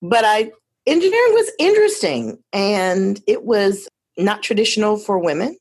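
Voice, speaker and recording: A woman in her fifties from Detroit, a guest telling her life story in a lively, chatty way with many asides. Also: mid-range voice, normal speed. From Detroit, USA. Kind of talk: casual storytelling conversation.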